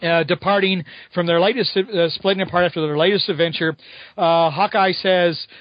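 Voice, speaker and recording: A high-voiced man rambles happily through a comic book plot, scattering fillers as he goes. The sound is dry and slightly muffled, like a home podcast recording. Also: steady tone, normal speed, no echo. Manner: rambling, amused storytelling full of fillers. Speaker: podcast co-host. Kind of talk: casual comic book recap.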